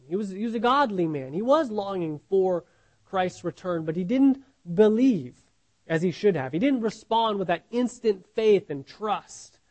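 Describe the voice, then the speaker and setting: A man's voice: high-pitched, darkish tone, rough recording. A man preaching a Bible sermon in an earnest, questioning way, often restarting words and asking "right?".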